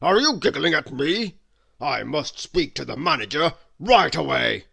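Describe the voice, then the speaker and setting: A man voicing a cross, grumbling male customer in a storybook, speaking loudly and gruffly. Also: a little high, expressive, measured pace, no room sound, clean studio sound, exaggerated voice.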